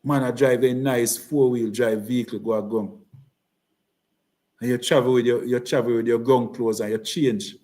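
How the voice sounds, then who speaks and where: A political speaker with a Jamaican accent gives an impassioned campaign speech, repeating himself and slipping into patois. His voice is mid-range and mellow, with a steady tone and a moderate pace.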